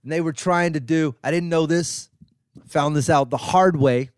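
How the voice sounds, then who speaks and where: Speaking at a moderate pace in a clear, resonant voice, this middle-aged male comedian host delivers a profane, self-deprecating story and acts out each character's lines with wide pitch swings. The studio audio is clean, with no room sound.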